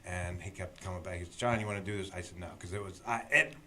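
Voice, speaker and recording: A man who is a guest comedian, telling road stories in a casual chat, animated and often laughing. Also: sits low, quick pace, a little hiss or hum.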